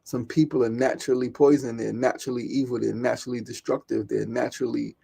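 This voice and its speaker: A man's voice: mid-range voice, little pitch movement, fast talker, vocal fry, mellow, breathy edge. A man hosting a podcast, giving an impassioned solo monologue, swearing and repeating phrases. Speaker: podcast host.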